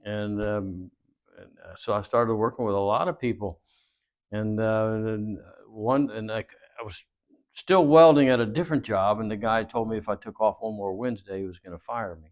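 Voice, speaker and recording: This storytelling interview features a man with a fairly low voice, speaking at normal speed. He spins long, rambling tales of his wrestling career, heavy on fillers and acted-out exchanges, and the audio is dull and lo-fi.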